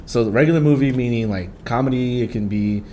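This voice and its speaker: A young man co-hosting a relaxed podcast, teasing his partner and laughing easily. His voice is an ordinary middle pitch, with a light bed of noise under it. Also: brisk. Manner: laid-back, teasing, laughs often. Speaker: podcast co-host. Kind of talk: casual podcast chat.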